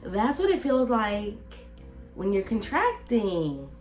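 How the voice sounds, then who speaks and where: A woman in her twenties talks straight to her phone camera, easygoing and chatty. She rambles, circling back with plenty of fillers. Her voice sits in an ordinary middle pitch. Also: sing-song, slow, darkish tone, soft background music. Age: 20s. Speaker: vlogger. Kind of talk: casual storytime to camera.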